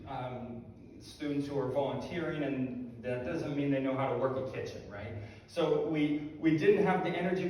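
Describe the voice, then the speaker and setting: A man's voice: fairly high pitch, darkish tone, slight background noise. A male pastor preaching a sermon in a conversational, self-deprecating storytelling manner. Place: church sanctuary. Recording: echoey hall from far off.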